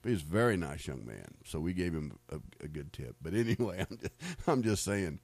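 A man's voice: deep voice, big pitch swings, fairly quick, gravelly, a little mellow, husky, no echo. A middle-aged man from the United States telling faith stories in a casual, rambling way, often repeating words and laughing. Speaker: speaker sharing faith stories. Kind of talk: casual storytelling testimony.

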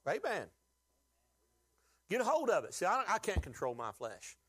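A man's voice: high-pitched, wildly swooping pitch, normal speed, fairly bright tone, slightly rough. A man preaching a sermon, with folksy humor and call-and-response questions to the congregation. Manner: folksy humor, acts out quoted voices. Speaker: pastor.

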